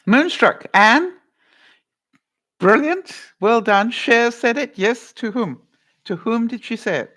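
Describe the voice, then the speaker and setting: A woman's voice: a little high, expressive, takes it slowly, long pauses, a bit bright. A woman vlogger chatting casually on a live stream, laughing often as she runs a movie-quote quiz and answers viewer comments.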